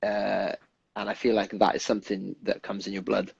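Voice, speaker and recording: Husky British man, casual chat. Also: lowish voice, monotone, moderate pace, dry recording, highs cut off. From United Kingdom. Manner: rambling, restarts often, earnest. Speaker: singer guest.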